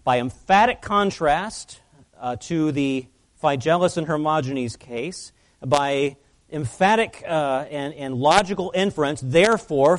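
A man preaching an expository sermon as pastor, earnest and emphatic, his voice rising and falling as he presses his points. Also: a little high.

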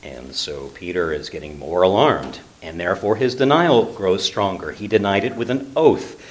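Low-voiced man teaching scripture. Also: normal speed. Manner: conversational, with many "uh" fillers and lively emphasis. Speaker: Bible teacher. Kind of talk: expository Bible teaching.

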